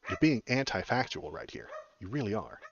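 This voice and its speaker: A man's voice: lowish voice, very animated, brisk, muffled recording, slight background noise. A man in his forties from Texas hosting a political livestream, giving casual, blunt commentary on chat messages with lots of fillers and restarts.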